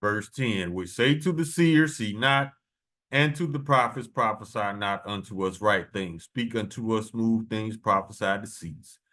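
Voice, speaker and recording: A man reading scripture verses slowly and adding blunt, profane commentary between them. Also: on the low side, pushed and bright. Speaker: preacher.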